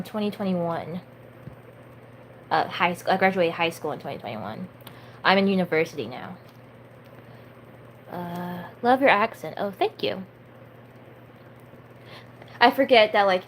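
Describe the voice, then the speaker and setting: A woman's voice: mid-range voice, a little hiss or hum, low-quality recording. Chatty twenty-year-old woman reading aloud. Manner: chatty, filler-heavy, stumbles over hard words. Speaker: livestreamer reading a book aloud. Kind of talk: casual live-stream chat and read-aloud.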